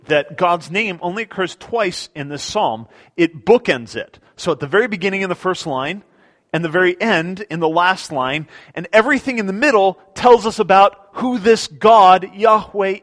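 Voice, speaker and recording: Conversational preaching man, slightly higher voice. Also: fairly bright tone. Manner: conversational preaching with frequent repeated words and restarts. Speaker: pastor. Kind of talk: sermon. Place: church sanctuary.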